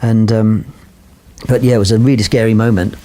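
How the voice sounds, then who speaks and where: A man's voice: lowish voice, steady tone, fairly quick, warm tone. An older man from London, a photographer telling a long anecdote with rambling fillers and restarts. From London, England. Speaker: photographer guest. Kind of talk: anecdotal storytelling.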